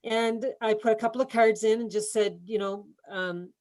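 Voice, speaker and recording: A woman's voice: on the high side, steady tone, moderate pace, a little mellow, low-quality recording. A woman real estate agent on a video call, telling an earnest personal story in a training session. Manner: earnest storytelling, emotional at times. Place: home office.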